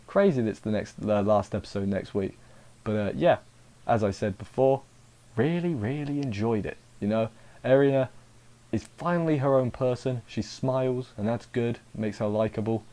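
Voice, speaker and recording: A man's voice: fairly low pitch, normal speed, mellow. A young man casually reviewing an anime episode, rambling and chatty, acting out the characters' lines as he goes.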